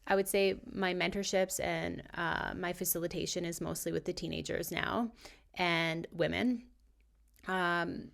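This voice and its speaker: A woman who mentors teenagers, talking as a podcast guest and telling a personal story in an animated, laughing way. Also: fairly low pitch, a little slow, creaky. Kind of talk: casual podcast conversation.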